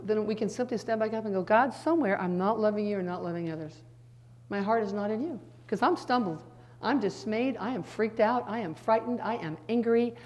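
A middle-aged woman giving a conversational Bible teaching, animated, swinging from soft, slow passages to emphatic bursts with quick asides. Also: medium pitch.

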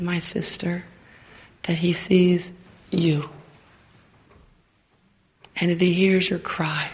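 A woman's voice: on the low side, slight background noise, low-quality recording. Fervent middle-aged woman preaching. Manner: fervent, stammering repeats, drops to hushed near-whispers. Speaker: speaker at a women's retreat. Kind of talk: emotional sermon.

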